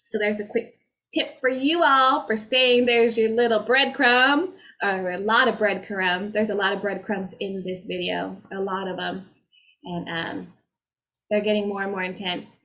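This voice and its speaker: A woman's voice: medium pitch, steady tone, a little slow, bright, forceful tone. A woman speaking as a spiritual energy healer, in a casual, heartfelt talk to her viewers, effusive and rambling with frequent restarts.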